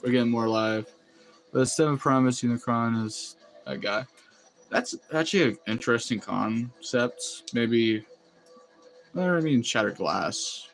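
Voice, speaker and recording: A man hosts a casual live stream, talking in a loose, rambling way and laughing often as he answers viewers. His voice sits at an ordinary pitch for a man. Faint music plays quietly behind him. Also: unhurried. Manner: rambling, chatty, laughs often while reading chat. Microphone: phone.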